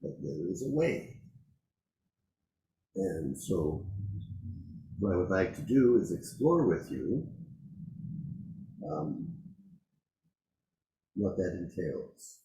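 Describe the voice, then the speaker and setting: Slow, deep-voiced man giving a dharma talk. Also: sing-song, echoey room, a little hiss or hum, rough recording. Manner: slow, reflective, with frequent pauses and soft laughs. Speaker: Zen teacher.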